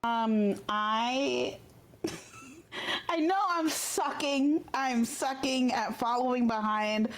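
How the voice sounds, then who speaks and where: A woman's voice: on the high side, slow. Hesitant woman tabletop player. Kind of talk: casual tabletop game play.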